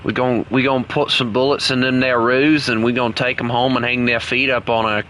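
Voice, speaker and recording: A man's voice: mid-range voice, little pitch movement, brisk, fairly bright tone, a little hiss or hum, natural voice. A man putting on a hammy mock Australian hunter. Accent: put-on Australian. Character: boisterous mock Australian kangaroo-hunting man. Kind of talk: joking put-on voice while gaming.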